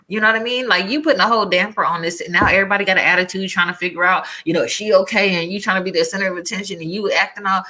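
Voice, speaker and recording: Bright husky woman telling a story. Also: medium pitch, rapid-fire, few pauses. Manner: animated, emphatic storyteller. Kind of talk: casual storytelling chat.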